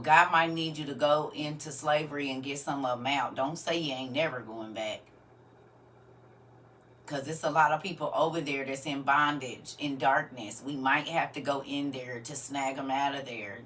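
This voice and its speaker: A woman's voice: extremely low pitch, fairly bright tone, far from the mic, a little hiss or hum. A woman hosting a live stream, talking casually and half-preachy to her viewers and laughing often.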